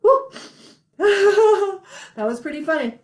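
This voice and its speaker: A woman's voice: high-pitched, very animated, a little slow, fairly bright tone. A young woman hosting a playful children's sing-along class, encouraging and laughing often. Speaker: children's music class host. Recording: roomy echo.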